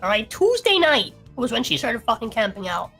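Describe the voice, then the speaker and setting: A woman's voice: fairly high pitch, big pitch swings, a little fast, fairly bright tone, breathy edge, faint music behind. A young woman, drunk and swearing heavily, ranting on a casual streamed podcast as co-host.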